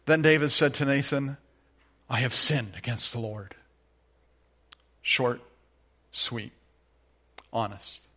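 A middle-aged man preaching a sermon as pastor, moving from quiet, conversational storytelling to emphatic, rising declarations. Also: medium pitch, husky.

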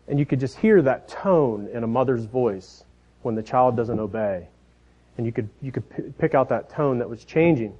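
A man in his thirties preaching a sermon, telling family stories in a folksy way, often dropping softer at the ends of his phrases. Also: mid-range voice, expressive, normal speed. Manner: folksy storytelling, trailing off softly at phrase ends. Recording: dull lo-fi sound.

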